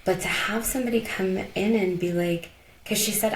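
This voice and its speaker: A woman from Colorado with a medium-pitched voice talks at a moderate pace and steady tone as a podcast guest. She shares personal stories casually, reflective and heartfelt, with frequent "like" and "you know." Slight background noise and an echoey room are audible.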